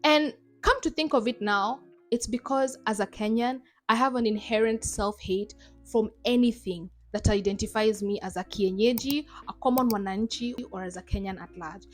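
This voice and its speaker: A woman's voice: medium pitch, normal speed, faint music behind. A young adult woman from Zimbabwe giving emphatic, sarcastic commentary in a vlog. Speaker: YouTuber.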